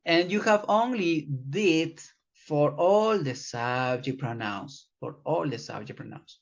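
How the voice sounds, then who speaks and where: English teacher, grammar lesson, very slow pace, repeats examples, muffled lo-fi audio. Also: medium pitch, gravelly. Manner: repeats words slowly for learners, addresses class as guys. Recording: dull lo-fi recording.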